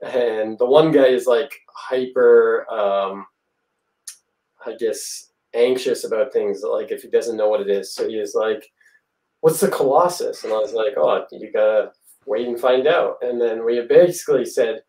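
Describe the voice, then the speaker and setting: A man's voice: mid-range voice, unhurried, darkish tone. A man, a magician guest, telling a rambling story in casual chat, often laughing and acting out what people said. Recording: echoey room, far from the mic.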